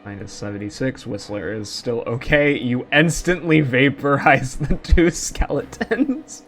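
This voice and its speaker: A man's voice: mid-range voice, lively intonation, unhurried, a bit bright, faint music behind. A man running a tabletop game as game master, who describes the action playfully and often laughs.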